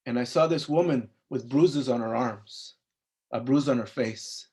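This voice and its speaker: Speaking a little slowly in a mid-range, slightly mellow voice, a Compton, California psychologist in his fifties, who founded a program, tells an earnest personal story at a briefing, voicing the dialogue himself.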